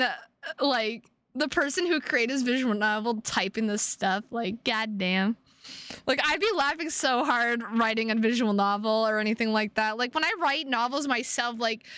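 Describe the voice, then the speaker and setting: High, bright streamer voice. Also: female voice, smooth, no echo. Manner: animated, swears freely, heavy "like" fillers. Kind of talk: reading a visual novel aloud with commentary.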